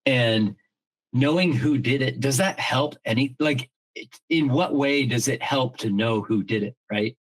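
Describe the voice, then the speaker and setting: Here a middle-aged man co-hosts a podcast, his mid-range voice unhurried and the recording rough. The chat is casual yet earnest and reflective; he thinks out loud, restarts often, and lets a swear word slip now and then.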